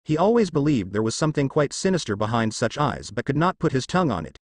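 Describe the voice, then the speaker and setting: A man reads a fan-fiction story aloud, telling it in a steady storytelling manner. His pitch sits in the middle but moves lively up and down. The recording is dry, with no room sound. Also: fast, no echo. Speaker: narrator.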